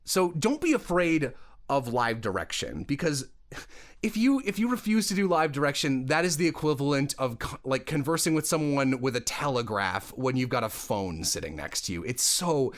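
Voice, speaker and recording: A man's voice: medium pitch, moderate pace. A young man co-hosting a casual podcast, giving blunt voice-acting advice and repeating words as he speaks. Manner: blunt, animated, repeats words when excited. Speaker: podcast co-host and voice director.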